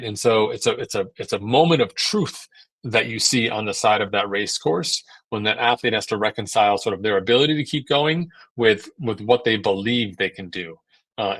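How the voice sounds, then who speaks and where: This man, an endurance coach, speaks conversationally at a laid-back seminar, stumbling through lots of fillers, repetitions and restarts and occasionally performing voices when quoting people. His mid-range voice is a bit bright, and the recording has no room sound.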